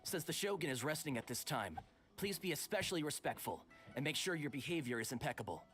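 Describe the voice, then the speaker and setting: A dutiful palace guard in a video game, a slightly high voice that rises and falls widely as he gives stiff, formal warnings, with soft music behind. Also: expressive, fast talker.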